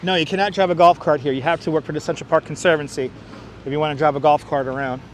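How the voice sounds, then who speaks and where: A talkative man with a Brooklyn accent walks through a city park and chats to his livestream viewers as he goes. His voice sits a little high, and he speaks into a wireless clip-on mic. Faint city noise hums in the background. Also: fairly even intonation, quick pace. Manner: chatty, talks to viewers while walking. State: out of breath from walking uphill. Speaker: livestream tour guide. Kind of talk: walking livestream tour commentary.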